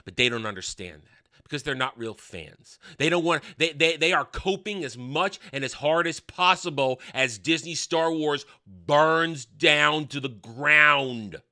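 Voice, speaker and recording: Ranting man with a sharp, bright voice. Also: on the high side, unhurried. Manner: combative, scornful, repeating phrases for emphasis. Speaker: commentary channel host. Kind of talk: heated opinion rant.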